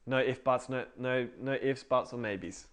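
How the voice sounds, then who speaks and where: A man's voice: mid-range voice, unhurried, smooth. A man co-hosting a casual faith podcast, rambling and correcting himself as he tells stories. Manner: rambling, self-correcting, storytelling. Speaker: podcast co-host.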